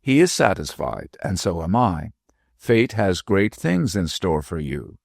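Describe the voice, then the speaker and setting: A man voicing a tiny, shrewd and mischievous old woman dwarf with a shrill, teasing manner in a storybook reading. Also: sing-song, unhurried, creaky, no room sound, clean studio sound, full character voice. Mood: sly, scolding. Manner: sharp, teasing, whimsical.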